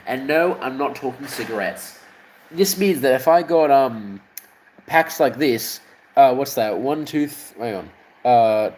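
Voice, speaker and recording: A man's voice: mid-range voice, darkish tone, slight background noise, rough recording. An Australian man streaming casually, rambling, swearing often and chuckling as he chats with viewers. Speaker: livestreamer. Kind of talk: casual livestream chat.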